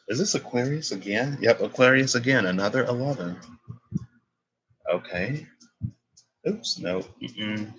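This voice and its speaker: A man's voice: lowish voice, a bit bright, husky, poor audio. A young man giving a casual tarot reading, rambling and thinking aloud as he corrects himself. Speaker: tarot reader.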